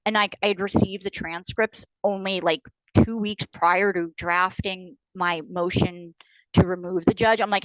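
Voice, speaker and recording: A woman's voice: fairly low pitch, fairly even intonation, unhurried, no room sound, poor audio. A middle-aged woman, a paralegal guest on a podcast, talking bluntly and indignantly in casual interview style with many fillers.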